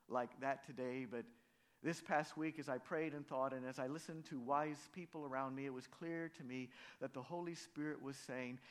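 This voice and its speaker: A male pastor giving a sermon, telling stories in an animated way and rising to emphatic peaks. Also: fairly high pitch.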